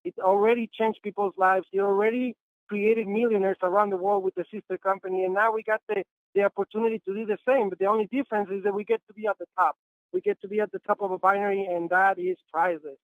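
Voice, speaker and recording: A man's voice: sits high, flat delivery, quick pace, no room sound. A man giving an enthusiastic, repetitive sales testimonial as a guest on a phone-in conference call. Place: Los Angeles. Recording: tinny phone line.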